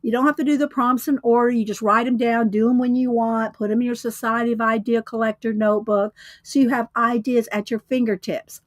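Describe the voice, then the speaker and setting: A woman hosts a casual livestream, chatting with viewers and laughing often. Her voice sits a little high. The sound is close and dry, with no room echo. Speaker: livestream host.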